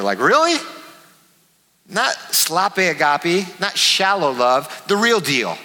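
A man preaching a sermon as pastor, emphatic, repeating his key words and swinging between soft and loud. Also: high voice, very animated, unhurried, long reverb tail, poor audio.

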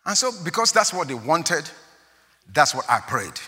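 A man preaching a sermon as a pastor, animated and exclaiming as he tells stories, often laughing. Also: a little high, normal speed. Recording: long hall reverb.

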